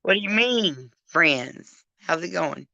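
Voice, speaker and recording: A tipsy woman hosting a live chat, rambling and sweet with a crude streak. Her voice is gravelly and bright, her pace slow and loose, and the sound is dry and close to the mic. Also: on the low side, expressive, dry recording, lo-fi sound. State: drunk.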